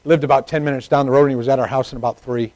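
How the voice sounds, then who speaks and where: A middle-aged man preaching a sermon, moving from hushed personal stories to loud, emphatic preaching. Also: mid-range voice, fairly even intonation, very fast, dry recording, low-quality recording.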